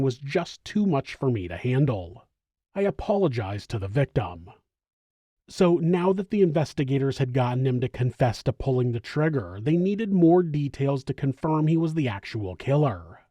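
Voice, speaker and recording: A man's voice: medium pitch, dry recording, studio quality. Wry male true crime narrator. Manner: wry, expressive commentary. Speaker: true crime channel host. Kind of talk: scripted narration.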